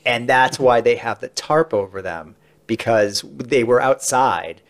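A man with a mid-range voice chatting on a podcast and telling a behind-the-scenes story. He keeps it loose and conversational, leaning on fillers. His pitch jumps up with excitement when he reaches the amazing parts. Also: unhurried. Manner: animated, rising excitedly when describing amazing moments. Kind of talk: casual storytelling chat.

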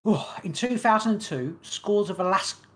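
A fairly high-pitched man chatting on a podcast. He rambles and jokes between topics, often stumbling over words and names. His tone stays loose and casual throughout. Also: expressive, normal speed. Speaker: podcast co-host. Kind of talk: casual chat.

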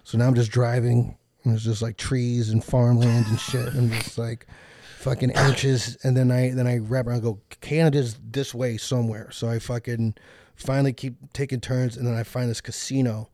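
A man who is a comedian guest, telling a story on a casual podcast in a profane, animated way and acting out what other people said. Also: mid-range voice, normal speed, hardly any pauses, no room sound.

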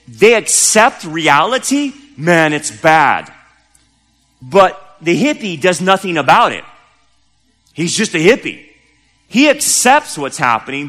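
A man's voice: high-pitched, fairly bright tone, in a large hall. A male pastor preaching a sermon in a church, talking conversationally and earnestly, often restarting his sentences. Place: church sanctuary.

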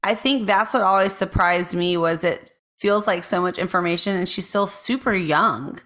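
A woman's voice: medium pitch, moderate pace, a bit bright. A young adult woman co-hosting a podcast in casual chat, chiming in and pushing back with "like" and "right". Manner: reactive, chimes in and pushes back with "like" and "right". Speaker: podcast co-host.

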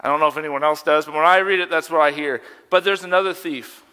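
A man's voice: a little high, fast, sharp tone, clear, resonant tone. Emphatic young male youth pastor, echoing hall. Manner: conversational and emphatic, asking rhetorical questions. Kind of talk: sermon.

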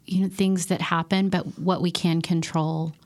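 A woman co-hosting a faith talk show, affirming her partner and reflecting quickly. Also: on the low side, flat delivery, a little mellow. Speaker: podcast co-host. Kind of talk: faith-based casual chat.

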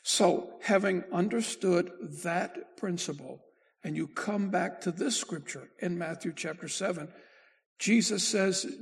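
A male pastor delivers a sermon at an unhurried, deliberate pace. His voice is pitched high for a man, with a gravelly, husky grain, and he lets his volume rise for emphasis before dropping low and quiet. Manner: slow deliberate preaching, swells and drops in volume.

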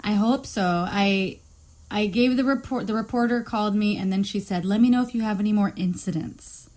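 Woman host, easy podcast banter, lively quoting voices, cursing. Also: medium pitch, moderate pace. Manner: animated, swears freely, acts out quotes. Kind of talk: casual chat.

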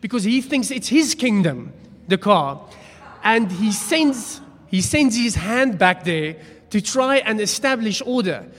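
A man's voice: high voice, very animated, unhurried, a bit bright. A man preaching a sermon, telling a story in a chatty, self-deprecating way. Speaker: pastor. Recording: long hall reverb.

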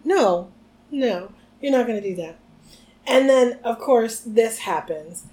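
Chatty higher-voiced woman co-host. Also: slow pace. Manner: chatty, animated, reads passages aloud. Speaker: podcast co-host. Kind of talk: casual chat and reading aloud.

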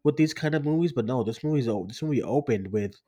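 A man co-hosting a casual podcast about movie box office, excitable, laughing often and repeating himself. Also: medium pitch, fast talker, breathy edge. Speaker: podcast co-host. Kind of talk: casual chat.

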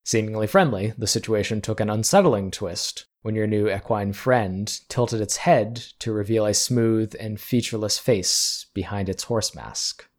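A man narrating a tabletop role-playing game as game master, in measured storytelling. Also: fairly low pitch.

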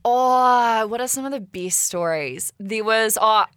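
Bright, chatty woman telling stories. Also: on the high side, measured pace, no echo, clean studio sound. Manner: chatty, laughs often while telling stories. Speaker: podcast guest. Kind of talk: casual storytelling.

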